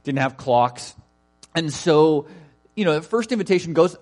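A man preaching a sermon in a conversational, animated way, often asking "right?" and acting out quoted lines. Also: fairly high pitch, normal speed. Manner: animated, acts out invitations in quoted voices; conversational, frequent "right?" asides. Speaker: pastor.

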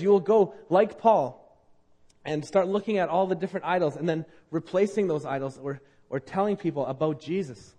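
Male pastor, fairly high voice, sermon delivery, swings between loud emphasis and hushed appeal.

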